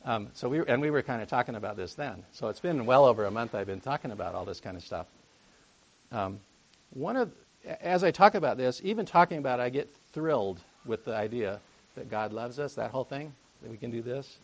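A man's voice: mid-range voice, brisk, vocal fry. A man preaching a conversational sermon, full of jokey asides and rhetorical questions to the congregation.

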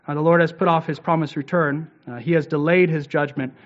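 A man preaching a sermon, earnest and steady, with frequent "uh" fillers and rhetorical "right?" checks to the congregation. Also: on the high side, a little fast, lo-fi sound. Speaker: pastor.

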